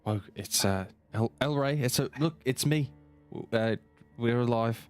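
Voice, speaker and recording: A man's voice: medium pitch, unhurried, clean tone, natural voice. A man playing a male hunter who soothes someone, a bit stumbling, with faint music behind. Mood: reassuring. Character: calm reassuring male hunter.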